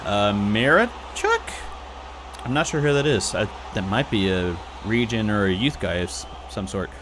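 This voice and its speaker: A man in his thirties giving casual, excitable commentary over his own football video game, grumbling when things go wrong. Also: fairly low pitch, moderate pace, background noise. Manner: chatty, excitable, grumbling at setbacks. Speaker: gaming YouTuber.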